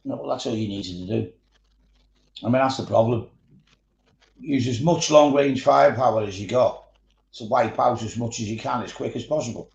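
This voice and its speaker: A Scouse man talks in a gravelly voice with a middle pitch, in relaxed and rambling chat. He swears often and drifts into stories. The sound has a roomy echo. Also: moderate pace, pauses often, dull audio. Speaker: miniature painting streamer. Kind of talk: casual chat.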